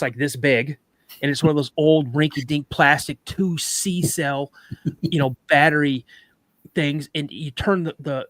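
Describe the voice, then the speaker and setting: A man telling a personal story on a live podcast, animated, acting out sounds and voices as he goes. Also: on the high side, dry recording.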